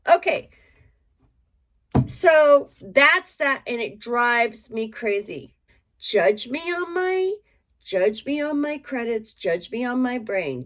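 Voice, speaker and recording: A middle-aged woman chatting frankly to camera as a reseller, rambling and emotional with many asides. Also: high-pitched. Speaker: reseller vlogger. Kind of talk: casual chat to camera.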